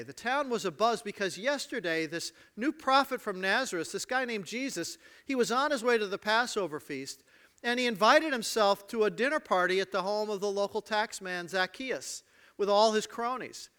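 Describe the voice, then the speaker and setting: Male pastor, high bright voice, dramatic sermon storytelling. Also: expressive, normal speed, clean tone. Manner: dramatic storytelling, swings from loud to hushed.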